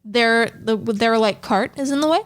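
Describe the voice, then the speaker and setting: A woman's voice: a little high, normal speed. Dry, teasing woman co-host. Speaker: podcast co-host. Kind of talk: casual chat.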